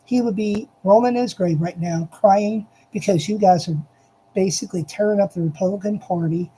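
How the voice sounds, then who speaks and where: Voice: mid-range voice, normal speed, warm tone, slight background noise, rough recording. A speaker giving an impassioned, repetitive monologue, addressing listeners directly and hammering each point with emphasis. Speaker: political commentator.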